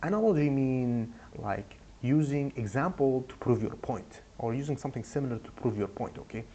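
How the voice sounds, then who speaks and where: A young man giving casual advice in a goofy, rambling way, speaking deliberately broken English. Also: mid-range voice, lively intonation, warm tone, lo-fi sound. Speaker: advice vlogger.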